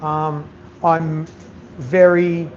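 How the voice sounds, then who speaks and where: A man's voice: a little high, little pitch movement, drawn-out words, a little mellow. A man, a chef giving a masterclass, talking bluntly and animatedly to an audience and swearing freely. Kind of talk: candid talk to an audience. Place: event venue with audience. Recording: slightly dull sound with faint noise.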